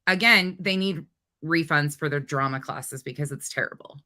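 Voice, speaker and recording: Woman, commentary host, indignant, sarcastic, swears, bright forceful voice. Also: low-pitched, moderate pace. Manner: blunt, indignant ranting with profanity; sarcastic mockery. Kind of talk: reaction commentary.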